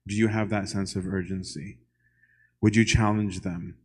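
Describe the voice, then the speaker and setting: A man's voice: sits low, fairly even intonation, moderate pace, a little mellow. A man giving a church lecture in a conversational way, often asking the audience "right?" and putting questions straight to them.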